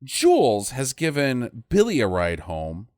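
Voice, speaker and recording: A man's voice: medium pitch, huge pitch swings, measured pace, darkish tone, no echo, clean studio sound. Sarcastic man recapping a movie. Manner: sarcastic, swears a lot, acts out the characters' lines in big exaggerated voices. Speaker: podcast co-host. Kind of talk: casual movie-recap chat.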